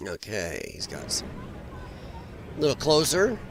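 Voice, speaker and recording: A man's voice: mid-range voice, huge pitch swings, measured pace, background noise. A man hosting a live stream, commenting on protest footage in a blunt, mocking and profane way, rambling with frequent restarts. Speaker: livestream commentator.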